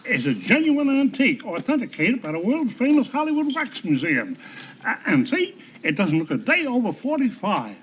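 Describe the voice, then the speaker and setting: Old grandpa peddler, very high and sing-song, pushy pitch, 1970s soap. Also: male voice, wildly swooping pitch, moderate pace, slight background noise. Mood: hawking. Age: older. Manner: salesman patter. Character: chatty old grandpa hawking souvenirs.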